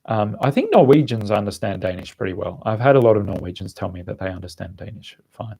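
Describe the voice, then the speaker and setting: Young man, low-ish voice, rambling, casual livestream Q&A. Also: animated, fast talker, creaky, a little mellow, breathy edge. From Australia. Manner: rambling, many fillers and restarts. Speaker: language-learning channel host. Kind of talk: live stream Q&A, casual chat.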